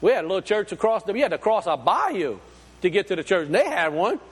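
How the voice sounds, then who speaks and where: A man's voice: high voice, sing-song, fast, breathy edge, long reverb tail. A man preaching a sermon, folksy and full of rhetorical questions. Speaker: pastor.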